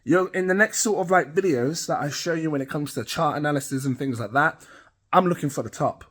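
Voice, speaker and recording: Chatty British man, higher voice. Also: a little fast, fairly bright tone. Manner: rambling, chatty, laughs at himself. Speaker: crypto channel host. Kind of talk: casual talk to camera.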